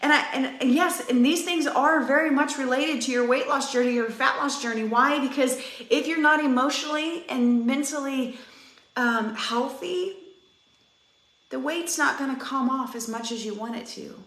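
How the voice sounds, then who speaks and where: A woman's voice: high-pitched, moderate pace, fairly bright tone. A woman in her thirties, a fitness coach, giving an earnest, chatty pep talk to her live-stream viewers and speaking right to them. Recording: roomy echo.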